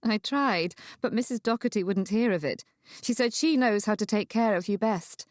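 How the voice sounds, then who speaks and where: A woman voicing a kindly young sister-in-law who speaks in a reassuring, warm manner. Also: medium pitch, moderate pace, no room sound, studio quality, natural voice. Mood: explaining.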